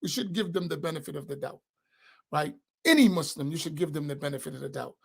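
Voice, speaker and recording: Gravelly imam, conversational. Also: male voice, a little high, fast, a bit bright. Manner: conversational, keeps asking listeners "right?"; emphatic, repeats key phrases. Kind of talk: informal religious class talk.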